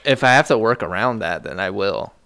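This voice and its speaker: A man's voice: lowish voice, lively intonation, fairly quick, vocal fry, sharp tone, clear, resonant tone, dry recording. A young man in casual chat, joking and mock-grumpy, swearing casually.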